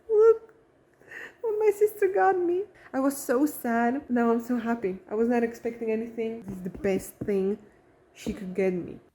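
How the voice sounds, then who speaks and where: Young woman, warm and mellow, chatty, scattered vlog talk. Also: mid-range voice. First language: Slovak. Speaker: vlogger. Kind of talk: casual vlog chat about books.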